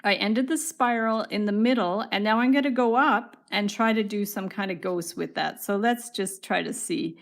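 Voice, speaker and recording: A woman's voice: mid-range voice, normal speed, vocal fry, hardly any pauses. A middle-aged woman, hosting a casual livestream craft tutorial, chatting upbeat with viewers while she works. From Canada. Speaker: wire craft livestream host.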